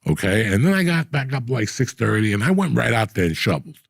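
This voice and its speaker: A man's voice: mid-range voice, fast talker, vocal fry, slightly rough, dry recording. An older man telling long, profane, rambling stories as a podcast host in casual chat. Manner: profane, rambling, animated storyteller.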